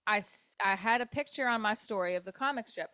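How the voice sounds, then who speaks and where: A middle-aged woman comedian hosting her podcast, telling a dating story in a candid, profane, animated way and acting out other people's lines. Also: mid-range voice, fairly quick, clear, resonant tone, dry recording. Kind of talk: casual storytelling monologue. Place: New York.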